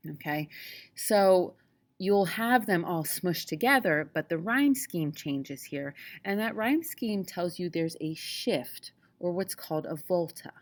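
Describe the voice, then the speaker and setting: A woman's voice: fairly low pitch, animated, slow. A woman teaching a lesson on poetry in a casual, chatty way, often checking in with the class. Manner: casual, chatty, frequent "okay?" check-ins.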